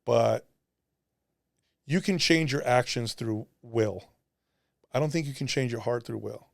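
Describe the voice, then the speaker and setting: A man's voice: medium pitch, a little slow, gravelly, dry recording, clean studio sound. A man guest on a podcast, talking earnestly and confessionally about prayer, often acting out what he said to God. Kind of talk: candid faith conversation.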